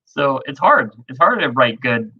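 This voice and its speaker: A man hosting a casual chat, talking quickly with easy laughs between his comments. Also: mid-range voice, very animated. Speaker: host. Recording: dull lo-fi audio.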